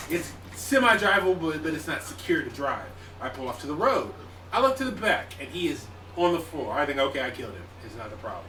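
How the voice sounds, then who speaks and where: Animated young man telling a story, echoey. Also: a little high. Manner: animated, swearing, acts out his own panic. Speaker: podcast co-host. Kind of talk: casual storytelling among friends. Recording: echoey room, distant mic, faint noise.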